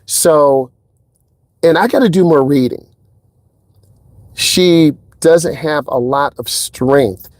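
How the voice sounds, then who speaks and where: A man talking casually as a driving instructor inside a car, telling stories in a lively way and acting out what people said. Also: slow, pauses often, no room sound. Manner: animated storyteller, acts out quotes in a higher voice. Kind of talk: casual vlog talk.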